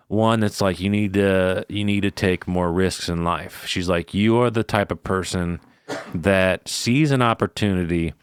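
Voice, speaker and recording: A man co-hosting a podcast, retelling a story in a casual, profane, animated way with quoted dialogue. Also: sits low, dry recording, clean studio sound. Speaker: podcast co-host. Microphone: podcast microphone.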